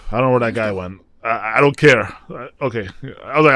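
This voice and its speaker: A man hosting a casual anime reaction, excitable and slangy, exclaiming at the screen. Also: medium pitch, a little fast, no echo. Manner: slangy, says dude and bro a lot. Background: anime audio playing faintly.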